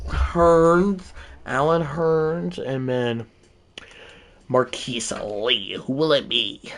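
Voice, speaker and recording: A livestreamer giving play-by-play of a football video game, swinging from mumbled asides to shouted sportscaster-style calls. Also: medium pitch, steady tone, drawn-out words. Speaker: gaming livestreamer.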